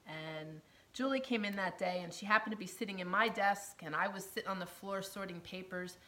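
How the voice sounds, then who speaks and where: A woman earnestly telling a personal story, emotional and often dropping to a hushed near-whisper, with laughs between phrases. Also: medium pitch, brisk. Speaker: storyteller sharing her testimony.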